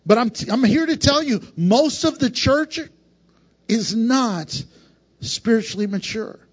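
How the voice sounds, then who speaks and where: A man preaching a sermon, swinging between emphatic loud lines and hushed, quieter passages. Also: very high-pitched, animated, unhurried. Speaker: pastor. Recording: dull lo-fi sound.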